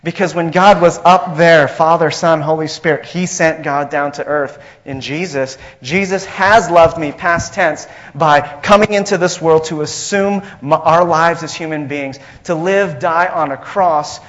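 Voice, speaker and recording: A man's voice: fairly high pitch, unhurried, few pauses, a bit bright, highs cut off. A man preaching a sermon as pastor, emphatic and repetitive, asking the congregation questions.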